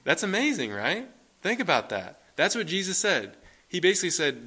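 A middle-aged man preaching a sermon in an earnest, questioning way. His voice is bright and forward, and at moments of emphasis it climbs to excited peaks. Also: high-pitched, normal speed, slightly rough.

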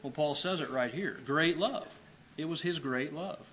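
Here a man's slightly high voice rings bright and forceful as he preaches an emphatic sermon. Key phrases come back again and again for emphasis, and scripture readings are slower. The audio is poor, with a faint background noise underneath.

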